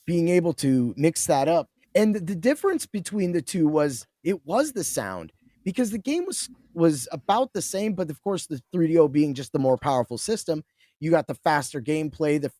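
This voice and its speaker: A man in casual chat as a podcast guest, excitable and rambling, with restarts. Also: a little high, dry recording, clean studio sound.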